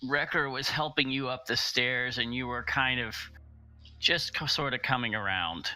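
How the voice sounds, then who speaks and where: A man narrating a tabletop game as game master, hesitant with many pauses and fillers. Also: medium pitch, pushed and bright, dry recording.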